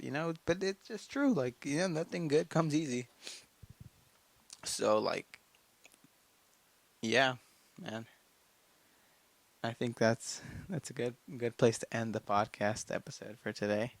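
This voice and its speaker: Fired-up teenage guy's pep-talk podcast. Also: mid-range voice. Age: late teens. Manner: fired-up self-talk, heavy swearing, repeats phrases. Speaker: podcast host. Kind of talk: casual solo motivational podcast monologue.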